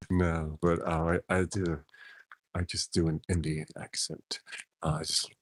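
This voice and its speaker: A man's voice: low voice, little pitch movement, unhurried, a little hiss or hum. A man vlogging and telling a rambling story, chuckling as he goes and often trailing off and restarting. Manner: chuckles through his stories, trailing off and restarting.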